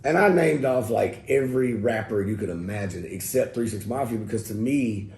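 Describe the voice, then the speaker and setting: A man tells his stories in a casual, profane and lively way, often slipping into the voices of the people he quotes. His voice is dark and mellow at an ordinary pitch. The room is echoey, with a faint hiss underneath. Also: moderate pace. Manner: profane, animated, acts out quotes. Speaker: interview guest. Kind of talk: casual storytelling.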